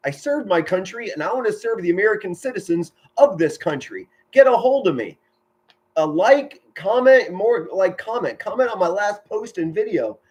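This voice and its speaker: A middle-aged man giving excited live football play-by-play from home, shouting big plays and chatting warmly with his viewers. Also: high-pitched, normal speed. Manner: enthusiastic, yells touchdown calls, chatty and sentimental with viewers. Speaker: amateur play-by-play commentator streaming live.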